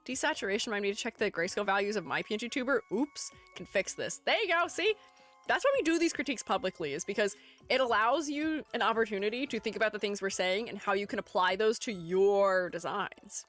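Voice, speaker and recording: A woman's voice: medium pitch, lively intonation, quick pace, fairly bright tone, faint music behind. A woman streamer chatting casually while critiquing art, rambling and giggling at herself. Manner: rambling, giggly, self-deprecating. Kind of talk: casual live-stream chat.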